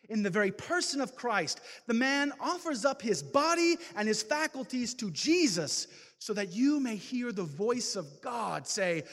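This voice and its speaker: A man delivers a fervent testimony, preacher-style, rising to loud calls. His voice sits high and swings widely, and his slow, deliberate delivery carries a long reverb from the large hall. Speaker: speaker giving a testimony talk. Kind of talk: impassioned testimony talk.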